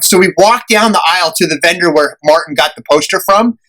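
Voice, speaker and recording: Animated high-voiced podcast host. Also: male voice, fairly quick, poor audio. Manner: animated storyteller, acts out quoted voices, laughs often. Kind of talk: casual storytelling chat.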